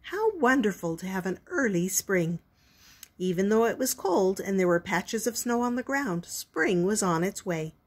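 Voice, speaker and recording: An older woman reading a picture book aloud as a storytelling grandmother, gentle and expressive. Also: medium pitch, unhurried, slightly rough.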